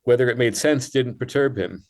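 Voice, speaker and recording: A man, a writer, speaking as a guest in a radio interview, explaining in a measured and thoughtful way. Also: medium pitch.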